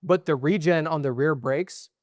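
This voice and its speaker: A young adult man co-hosts a podcast, ranting in casual chat with frustration and plenty of profanity. His voice is fairly high and a little mellow, at a moderate pace. The studio recording is clean, with no room sound.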